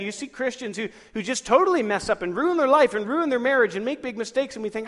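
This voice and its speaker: Preaching very fast with hardly a pause, a pastor delivers a sermon in a church sanctuary where his fairly high voice rings with long hall reverb. He keeps things animated, quizzing the congregation and laughing softly between points.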